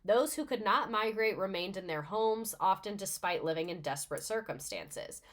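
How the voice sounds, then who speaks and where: A young adult woman, a teacher, reads a history text aloud in a relaxed way. She keeps breaking off with chatty, sarcastic asides and swears freely. Her voice sits at a middle pitch. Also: normal speed. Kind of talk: casual reading with commentary.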